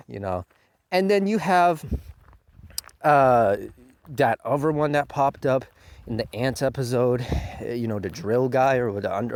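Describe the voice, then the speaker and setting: A man ranting in a casual video review, profane and mocking, breaking into high mocking quotes. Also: gravelly. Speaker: show reviewer.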